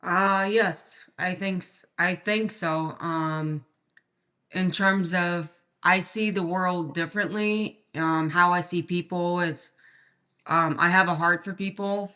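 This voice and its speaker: A woman's voice: on the low side, fairly even intonation, slow pace, pushed and bright. A young woman from Ukraine with a slight Russian accent, a guest on a podcast, speaking plainly and hesitantly with many fillers.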